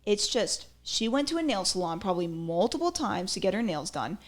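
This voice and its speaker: A woman's voice: mid-range voice, big pitch swings, fairly quick. A woman hosting a podcast, giving chatty, opinionated commentary with lots of fillers. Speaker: podcast host. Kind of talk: casual commentary.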